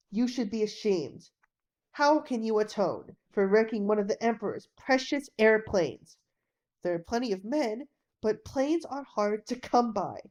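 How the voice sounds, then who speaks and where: A woman's voice: mid-range voice, a little mellow. Woman doing a scornful army officer. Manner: scolding, stern. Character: stern male military officer, scornful.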